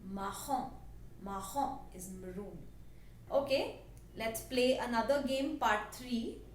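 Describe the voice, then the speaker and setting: A woman with an Indian English accent, teaching a language lesson slowly and patiently and repeating each word for her learners. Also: on the high side. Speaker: French teacher. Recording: echoey room, voice a bit distant, faint background hiss.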